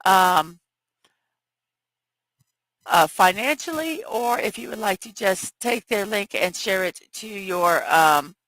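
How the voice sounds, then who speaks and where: A woman hosting a morning livestream in casual chat, her voice scratchy and hoarse, reading viewer messages aloud through a headphone mic. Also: mid-range voice, expressive, slow pace, long pauses, fairly bright tone, dry recording. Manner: reads viewer chat aloud, chatty and apologetic. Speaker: morning show host.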